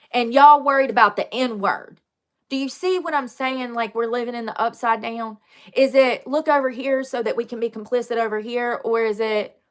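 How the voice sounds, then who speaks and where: A woman hosting a casual livestream, talking bluntly and telling stories with animated energy and frequent laughter. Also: on the high side. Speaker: livestream host.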